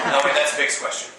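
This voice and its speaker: A middle-aged man, a voice actor and convention panel guest, telling lively anecdotes with frequent laughter and acted-out quotes. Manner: animated storyteller, laughs often, quotes others. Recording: roomy hall recording from far off with noise.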